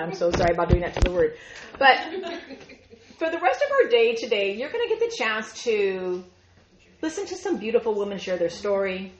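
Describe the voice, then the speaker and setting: A woman speaking at a women's ministry gathering, telling a funny story to a live audience. She is chatty and animated, laughs often and uses lots of "like". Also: a little high, a little hiss or hum. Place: event room. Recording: echoey, muffled room recording.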